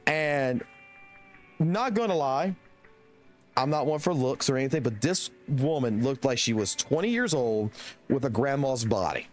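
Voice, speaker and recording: Profane, animated young male streamer. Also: medium pitch, a little slow, soft background music. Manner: profane, rambling anecdote with laughs. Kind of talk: casual storytelling on a live stream.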